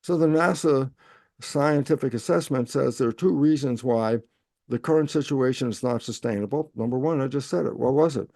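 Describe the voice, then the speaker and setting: Animated man asking and answering himself. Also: mid-range voice, moderate pace, gravelly, dry recording, clean studio sound. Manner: animated, asks himself rhetorical questions and answers them. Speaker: interview guest. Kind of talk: explaining in a conversational interview.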